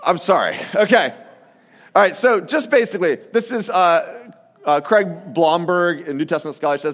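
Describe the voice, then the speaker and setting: Male pastor, high-pitched, lively sermon delivery, playful asides, long hall reverb. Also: normal speed. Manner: animated, conversational, acts out quoted voices.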